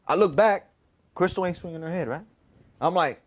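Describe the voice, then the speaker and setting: A man's voice: high voice, expressive, a little fast, long pauses. A man from Houston, telling a personal story in a casual, profane, rambling way, full of "you know" and "right?". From Houston, Texas.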